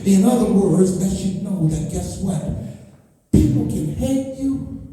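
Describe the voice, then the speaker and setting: Chanting preacher in an echoey hall. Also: male voice, high-pitched, lively intonation, takes it slowly, dark tone, recorded from a distance, faint music behind. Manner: preaching with sing-song chanted rises. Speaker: pastor. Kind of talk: sermon. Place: large church hall.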